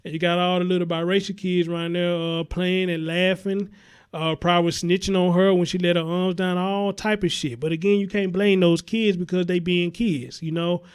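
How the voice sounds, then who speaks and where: A man's voice: high voice, little pitch movement, normal speed, clean tone. A man hosting a live-stream commentary show, talking bluntly and heatedly with heavy cursing while he greets viewers. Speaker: talk show host.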